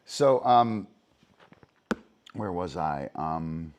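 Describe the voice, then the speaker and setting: A man's voice: low voice, animated, very slow, darkish tone, slight background noise. A man hosting a dog-training livestream, explaining in a casual, profane way with lots of fillers and "right?" tag questions. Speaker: disc dog trainer and show host.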